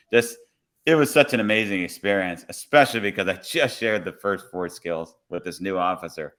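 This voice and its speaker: Low-voiced man telling a story. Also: brisk. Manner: relaxed, conversational, acts out his own quoted lines. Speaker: police officer. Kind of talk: casual storytelling on a podcast.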